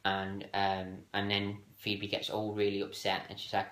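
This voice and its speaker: Male host, low-pitched, hesitant casual delivery full of fillers, roomy echo. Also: completely flat delivery, measured pace, few pauses, a bit bright. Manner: hesitant, many fillers and restarts. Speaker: video host ranking TV moments. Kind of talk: casual solo countdown talk. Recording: echoey room.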